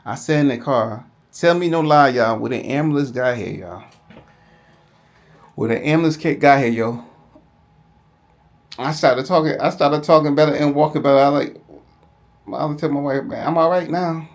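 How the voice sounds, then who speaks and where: A man's voice: mid-range voice, normal speed, pauses often. A man speaking casually to camera, rambling through a personal story and calling out to viewers as "y'all". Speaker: vlogger.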